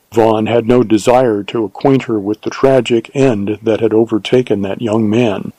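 A man narrating an audiobook novel in a measured, unhurried storytelling manner. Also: lowish voice, fairly even intonation, warm tone, husky, no echo, low-quality recording.

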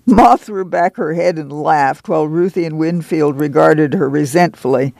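A man narrating an audiobook in a steady, measured reading. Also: a little high, vocal fry, dry recording. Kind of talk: scripted narration.

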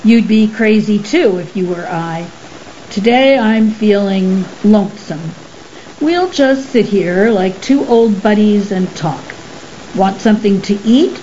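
A woman reading an audiobook, voicing a huge, lonely, rough-spoken male creature who talks bluntly and loudly. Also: mid-range voice, lively intonation, slow pace. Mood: chatty. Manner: blunt, exasperated, loud. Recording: slightly muffled with faint hiss.

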